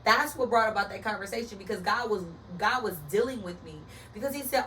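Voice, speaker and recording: A woman's voice: mid-range voice, brisk, few pauses, a bit bright, distant mic, a little hiss or hum, poor audio. A woman giving an earnest, emphatic faith-based motivational talk, speaking straight to her listeners.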